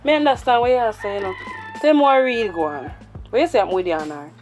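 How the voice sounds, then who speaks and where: A woman with a Jamaican accent, acting in a drama as a worried woman who pleads in rapid patois. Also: on the high side, expressive, darkish tone, soft background music, lightly acted. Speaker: woman confiding about her man. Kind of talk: low-budget drama acting.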